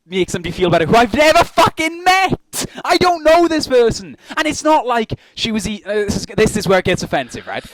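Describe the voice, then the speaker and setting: In a casual chat, a young co-host with a high-sitting voice animatedly tells a story, swearing and laughing along the way. The audio is poor, with no room sound.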